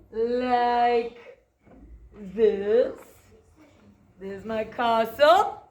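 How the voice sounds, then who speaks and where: A woman, a teacher telling a fairy tale to young children and guiding a craft, in a gentle sing-song voice that stretches words out. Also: a little high, roomy sound. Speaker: preschool teacher. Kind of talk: storytelling and craft lesson for children.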